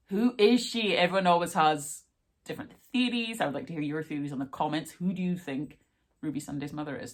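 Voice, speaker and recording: A young woman talking through a casual reaction vlog in a chatty, excitable way, full of fillers and asides. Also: sits low. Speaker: vlogger.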